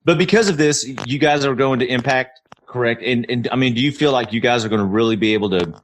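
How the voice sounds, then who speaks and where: A man hosting a casual interview, asking questions haltingly and repeating words. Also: medium pitch, a little hiss or hum. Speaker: podcast host.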